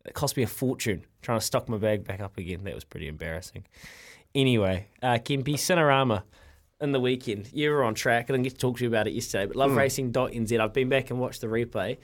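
A man's voice: mid-range voice, quick pace. A man hosting a casual radio chat, joking and self-deprecating. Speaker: radio host.

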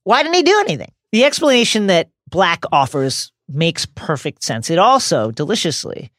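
A woman hosting a book podcast, her fairly low voice swinging widely in pitch as she argues her points with emphatic energy. The sound is close and dry, with no room around it. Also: normal speed, dry recording. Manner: animated, reads book passages aloud with emphatic commentary. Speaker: podcast co-host. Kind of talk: casual book discussion podcast.

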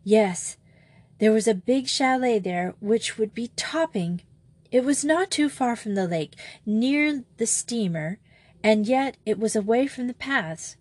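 A woman's voice: a little high, animated, unhurried, darkish tone, no echo. A woman voicing a determined, cheerful young woman in an audiobook reading, speaking earnestly and persuasively.

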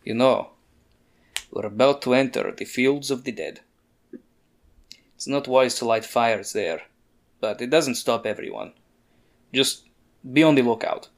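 Easygoing superstitious male guide, put on by the game master, middle pitch, lots of movement in the voice. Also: expressive, unhurried, pauses often. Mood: warning. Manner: easygoing, jokey. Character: superstitious male caravan guide, friendly and joking.

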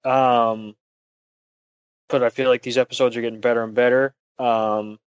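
A man's voice: medium pitch, little pitch movement, moderate pace, clear, resonant tone, no room sound, highs cut off. A man co-hosting a casual podcast, teasing his partner dryly and thinking aloud with lots of ums. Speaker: podcast co-host.

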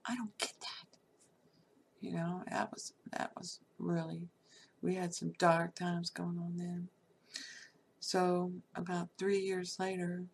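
A woman's voice: lowish voice, vocal fry, slight background noise. A middle-aged woman telling a personal story candidly and bluntly, swearing freely.

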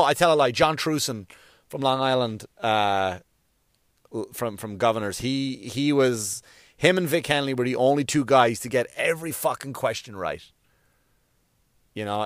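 A man with a mid-pitched voice tells a profane, meandering story on his own comedy podcast. He keeps circling back and restarting his sentences. The sound is close-miked and dry, with no room echo. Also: clear, resonant tone. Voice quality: profane, rambling, with frequent restarts. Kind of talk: casual storytelling tribute.

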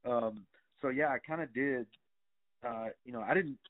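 A middle-aged man, medium-pitched and speaking at a normal speed, rambles through casual stories as a guest, using lots of fillers and a bit of swearing. It sounds like a tinny phone recording.

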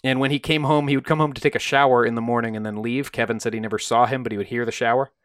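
A man's voice: medium pitch, fairly even intonation, racing, a bit bright, clean tone, no room sound, clean studio sound. A man co-hosting a podcast, telling a true crime story in a casual, conversational way and briefly acting out the quoted voices.

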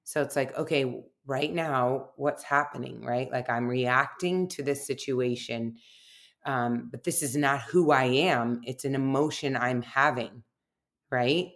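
Very low-voiced woman telling stories. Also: a little slow, a bit bright. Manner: reflective, anecdotal, many fillers. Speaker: guest, research scientist. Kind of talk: casual podcast conversation.

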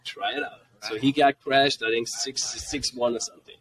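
A man in his forties with a German accent, a guest on a podcast, telling family stories in a lively, casual way and acting out what his kids said. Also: medium pitch, moderate pace. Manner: animated, jumps into quoted voices of his kids. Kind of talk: casual storytelling. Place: convention podcast booth. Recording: voice a bit distant from the mic.

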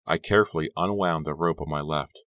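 A man reading a first-person story as an audiobook narrator, steady and measured. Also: a bass voice, dry recording.

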